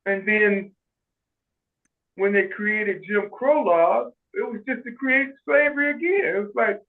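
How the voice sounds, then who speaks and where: A man telling stories in casual chat on a video call, animated, acting out quoted voices and often restarting his sentences. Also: high voice, unhurried. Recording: tinny phone-like video call audio.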